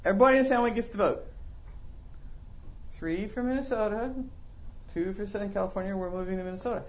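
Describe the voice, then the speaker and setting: Middle-aged male Bible teacher, sermon delivery, animated with humorous rhetorical questions. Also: high-pitched, quick pace. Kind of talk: sermon-style Bible lesson.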